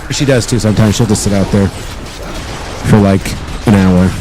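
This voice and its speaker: A man's voice: fairly low pitch, fairly even intonation, moderate pace, background noise. A man chatting casually on a live stream, joking and swearing as he rambles.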